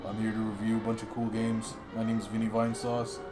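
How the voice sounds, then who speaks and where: A man doing an impression of a relaxed male game streamer, with a low, casual drawl. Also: a little fast, over music, close to an everyday voice. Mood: laid-back. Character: laid-back male game streamer greeting viewers.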